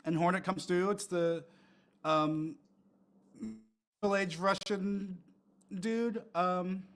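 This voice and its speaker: A man running a tabletop game as its game master, with a somewhat high voice for a man. He narrates haltingly and fills his pauses with ums and uhs. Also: fairly even intonation. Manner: hesitant, many fillers.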